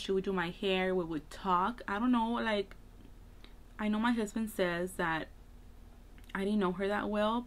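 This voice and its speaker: A woman makeup vlogger chatting casually while getting ready, rambling with lots of filler words. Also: medium pitch. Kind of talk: casual get-ready-with-me chat.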